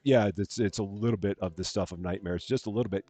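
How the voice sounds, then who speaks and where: A man's voice: on the low side, steady tone, fast talker, a little mellow, no room sound. A man streaming a game live, chatting through his moves and thanking viewers as he plays. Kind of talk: live gameplay commentary.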